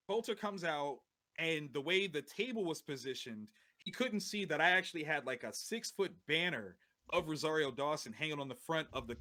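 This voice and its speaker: A man guest on a podcast, telling a story in an animated, slangy way and often laughing as he talks. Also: a little high.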